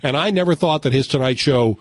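A man's voice: mid-range voice, fairly quick, dry recording. A man co-hosting a radio show, chatting in an easygoing, hesitant way from a studio. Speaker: radio co-host. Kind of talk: casual radio banter.

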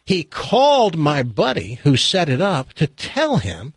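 A man's voice: a little high, huge pitch swings, a little slow, husky, dry recording. A man co-hosting a radio show, bantering and telling funny stories in a teasing manner. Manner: teasing, joking storyteller. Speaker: radio co-host.

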